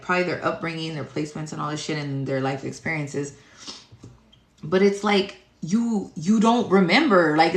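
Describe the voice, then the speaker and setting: A woman's voice: on the low side, a bit bright. A woman tarot reader talking in a casual, rambling spiritual monologue, blunt and full of cursing and fillers. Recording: echoey room.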